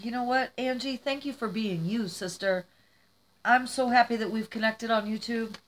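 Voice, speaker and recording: A woman's voice: a little high, normal speed. A woman vlogging as she opens gifts, gushing and emotional, crying happy tears. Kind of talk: casual vlog, opening gifts.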